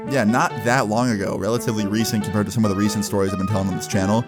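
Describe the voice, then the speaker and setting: Young man in his twenties, lowish voice, casual rambling storytime, background music. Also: fairly even intonation, racing, hardly any pauses. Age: 20s. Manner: laid-back, rambling, heavy use of "like" and "right?". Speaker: storytime YouTuber.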